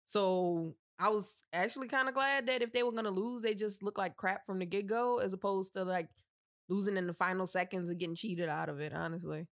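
A woman's voice: mid-range voice, dry recording, studio quality. A woman co-hosting a casual podcast, talking candidly and chattily. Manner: candid, chatty, quick bursts. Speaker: podcast co-host.

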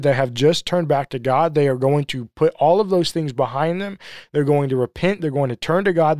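Man, sermon-style Bible study, fairly high voice, emphatic and earnest, rhetorical questions, dry close sound. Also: dry recording. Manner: leans hard on repeated phrases. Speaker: Bible teacher.

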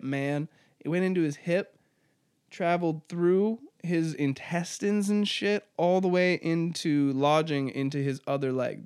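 A man's voice: on the high side, dry recording, clean studio sound. A man hosting a podcast alone, rambling casually with lots of swearing and laughing at his own jokes. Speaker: podcast host. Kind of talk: casual solo podcast monologue.

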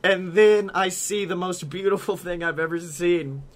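A young man co-hosting a podcast, telling a story in casual chat, animated and profane, laughing as he acts out what others said. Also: high voice, normal speed. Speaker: podcast co-host.

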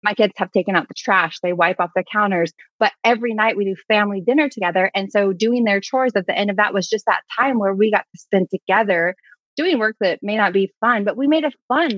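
A woman in her forties, an animated storyteller who laughs often, in casual conversation as a guest. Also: medium pitch, dry recording, muffled recording.

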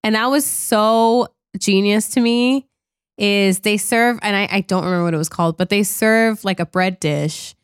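A woman's voice: medium pitch, moderate pace, clean tone, dry recording, clean studio sound. A young woman chatting casually about a film, laughing often and acting out lines. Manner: chatty, laughs often, acts out quotes with a swear. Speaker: podcast co-host. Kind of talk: casual chat reviewing a film.

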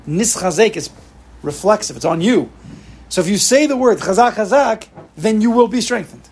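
A man's voice: sits high, expressive, normal speed, a little mellow, husky. A man giving an informal class to students, emphatic, repeating key phrases and mixing in Hebrew and Yiddish terms. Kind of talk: informal lecture with questions to students.

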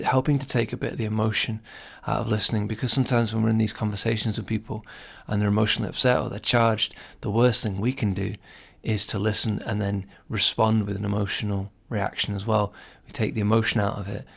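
A man's voice: lowish voice, gravelly, slightly rough. A man hosting a podcast, giving earnest, encouraging advice straight to the listener in a casual monologue. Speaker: podcast host.

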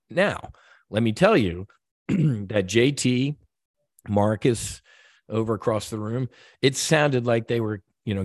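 A man with a low, fairly deep voice tells a personal story on a podcast. He sounds earnest and heartfelt, and he often stops to restart or repeat himself. The recording is dry and close. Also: no room sound. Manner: halting, with many restarts and repeated words. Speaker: podcast guest.

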